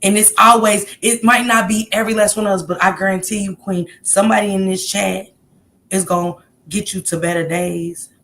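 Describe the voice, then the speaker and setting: A woman's voice: mid-range voice, fairly even intonation, a little fast, a bit bright. A woman hosting a casual livestream, talking heartfelt and encouraging as she greets viewers in the chat by name. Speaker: livestream host.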